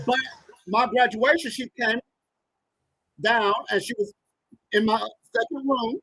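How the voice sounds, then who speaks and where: Thirties male guest, bright husky voice, emphatic storyteller, dry close sound. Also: extremely high pitch, a little slow, pauses often, no echo, poor audio. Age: 30s. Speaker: podcast guest. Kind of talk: personal storytelling in an interview.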